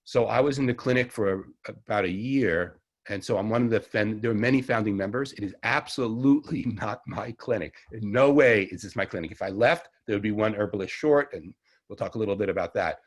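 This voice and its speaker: A man's voice: fairly low pitch, brisk. A middle-aged man with a Long Island New York accent, teaching an online herbalism class in a chatty, rambling way that often corrects itself. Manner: rambling, chatty, self-correcting with small laughs. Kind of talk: casual online class lecture.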